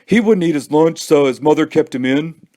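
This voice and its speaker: A man voicing a calm, easygoing young boy in a storybook read-aloud, talking matter-of-factly. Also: a little high, normal speed, voice pushed up, close to an everyday voice.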